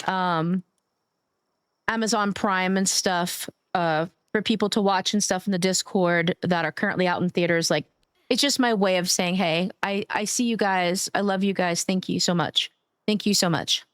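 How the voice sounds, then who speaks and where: A woman's voice: medium pitch, smooth, dry recording, clean studio sound. A woman streamer chatting casually while gaming, affectionate and gushing, cursing now and then.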